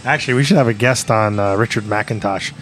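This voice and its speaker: A man co-hosting a casual podcast from a pub booth, rambling through stories and quoting people in animated voices. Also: fairly low pitch, fairly quick, music in the background. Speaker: podcast co-host. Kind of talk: casual chat.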